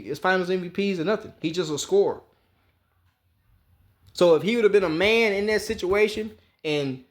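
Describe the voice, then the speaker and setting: A man giving an emphatic, profane sports rant, repeating his points as he tells the story. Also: fairly high pitch. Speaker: sports commentator.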